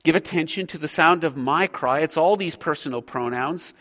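Guy pastor preaching, high bright voice, earnest and slow in spots, big echoey church. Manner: earnest, preaching with measured pauses. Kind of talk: sermon. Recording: hall reverb.

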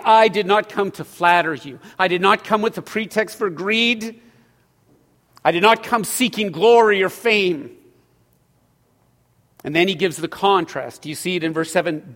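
High-voiced preaching man, hall reverb. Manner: animated, swings from loud to hushed. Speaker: pastor. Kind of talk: sermon. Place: church sanctuary.

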